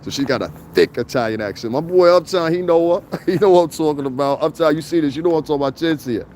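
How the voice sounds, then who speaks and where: This middle-aged man from New York speaks fast in a slightly high, slightly mellow voice, with slight background noise behind him. He is hosting a casual livestream outdoors on a cold city street, going through comments and rambling in loose, profane stories.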